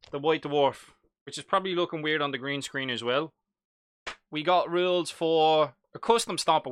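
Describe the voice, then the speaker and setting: A man's voice: fairly high pitch, pushed and bright, clear, resonant tone, no echo, studio quality. A young man with a Dublin accent, chatting casually and jokily while hosting a live hobby stream. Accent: Irish, Dublin. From Ireland. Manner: chatty, jokey, reads chat aloud.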